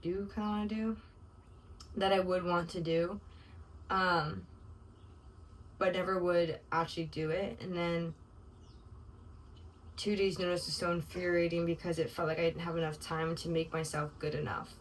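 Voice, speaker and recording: A woman's voice: on the low side, flat delivery, normal speed, pauses often, distant mic, low-quality recording. Young woman in an emotional, rambling video diary. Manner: emotional, rambling, heavy use of "like". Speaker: vlogger. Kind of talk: casual confessional video diary.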